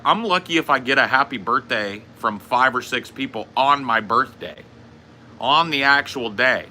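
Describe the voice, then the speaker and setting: Swearing, ranting male streamer, bright voice. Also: mid-range voice, a little hiss or hum. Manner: profane, rambling rant; frequent coughing. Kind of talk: casual livestream chat.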